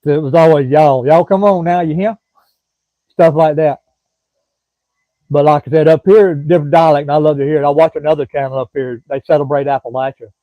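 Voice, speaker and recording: A middle-aged man with a Southern drawl chats loosely with his live-stream viewers, wandering from thought to thought in a folksy way. His voice sits a touch high. The sound is dry and thin, like a phone line. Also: fairly even intonation, a little fast, no echo. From Florida. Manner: rambling, folksy, drawling, chats to commenters by name. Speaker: livestream host.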